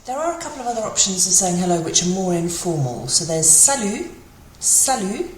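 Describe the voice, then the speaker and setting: A woman's voice: mid-range voice, sing-song. Chatty woman teaching basic French. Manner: chatty, with fillers, repeats example phrases slowly. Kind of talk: casual spoken language lesson. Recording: echoey room with faint ambient noise.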